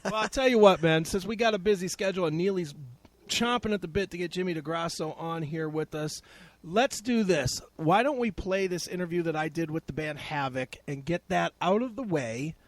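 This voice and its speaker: A man's voice: sits high, moderate pace, no room sound. A man hosting a casual podcast chat, laid-back, laughing often and swearing freely. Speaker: guest host.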